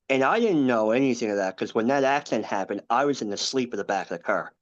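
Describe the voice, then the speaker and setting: A man in his thirties, a guest on a podcast, tells a personal story in an earnest, halting way and keeps adding asides. His voice sits at an ordinary pitch for a man. The recording sounds a little dull and lo-fi. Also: expressive. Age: 30s.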